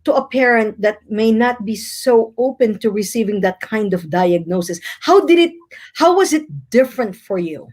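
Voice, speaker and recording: A woman hosting an interview, asking questions and reacting with quick exclamations. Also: fairly high pitch, lively intonation, a little mellow. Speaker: interview host. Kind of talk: conversational interview.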